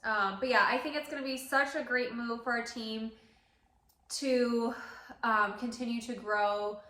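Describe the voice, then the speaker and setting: A salon owner in her thirties talks slightly slowly to camera, her voice a little high, steady and sharp. Chatting casually yet emotionally, she tears up and leans heavily on fillers. The salon interior lends the recording a roomy echo.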